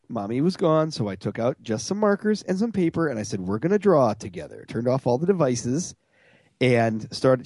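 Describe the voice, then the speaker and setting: A man's voice: mid-range voice, mellow, dry recording. A man co-hosting a podcast, telling stories in casual chat with a self-mocking tone. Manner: self-mocking storyteller, acts out voices. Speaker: podcast co-host.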